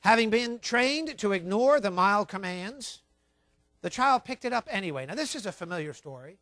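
Man preaching, high voice, dry close sound, emphatic, repeats points, dictates notes to the congregation. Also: animated, moderate pace, dry recording. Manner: emphatic, repeats key points, tells listeners to write things down; swings between quiet asides and loud stressed words. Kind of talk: sermon on child training.

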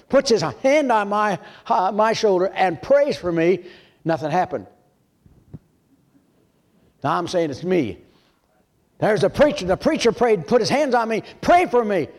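A slightly high-voiced older pastor from Michigan gives a storytelling sermon that moves between hushed and loud.

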